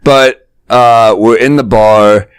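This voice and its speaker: A man in the middle of a relaxed chat, telling a bar story with plenty of swearing. His voice sits in a middle register, and it is recorded dry and close with no room sound. He acts out the quotes as he goes. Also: mid-range voice, takes it slowly, clean tone, no echo. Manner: animated, profane storytelling with acted-out quotes. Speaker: comedian and host. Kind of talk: casual chat.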